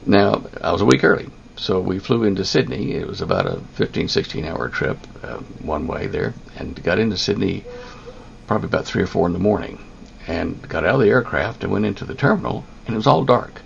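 An older man with a very deep, heavily gravelly voice, recounting a personal story in a halting way full of ums and restarts. The recording sounds somewhat dull and lo-fi, with a faint hiss of background noise. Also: big pitch swings. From United States. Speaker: interviewee.

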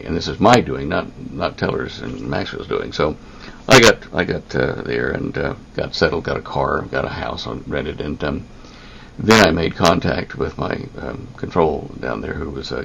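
An older man telling a long personal story, halting, with many ums and restarts. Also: very deep voice, lively intonation, gravelly, fairly bright tone, muffled recording, a little hiss or hum. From United States. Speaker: interviewee.

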